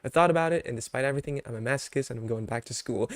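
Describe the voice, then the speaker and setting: A man's voice: mid-range voice, rapid-fire, few pauses, no room sound, studio quality. A young man chatting casually on his live stream, ranting with mock anger at his chat, then laughing and apologizing.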